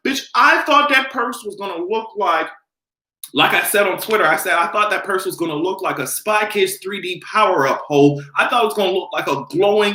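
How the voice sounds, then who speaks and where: Bright-voiced man ranting profanely. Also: very high voice, echoey room. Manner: loud, animated, profane ranting. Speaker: vlogger. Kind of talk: live stream rant.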